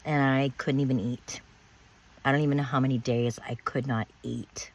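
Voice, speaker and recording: Low-voiced woman telling a bitter story. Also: fairly even intonation, moderate pace, a little mellow. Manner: bitter, emphatic, repeats words, swears. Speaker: narrator of her own life story. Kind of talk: personal storytelling monologue.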